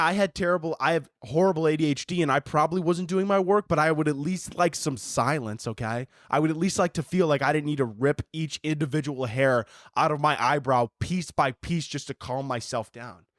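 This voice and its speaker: Guy doing a rambling comedy rant, kinda high voice, swears a lot, dry close sound. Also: normal speed, no echo. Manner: animated, rambling storytelling with swearing and frequent laughs. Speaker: podcast host. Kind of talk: comedic monologue.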